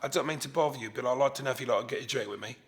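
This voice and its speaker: A man imitating a smooth, polite British man asking a woman out for a drink, in a British accent. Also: mid-range voice, racing, voice pushed down, natural voice. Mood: charming.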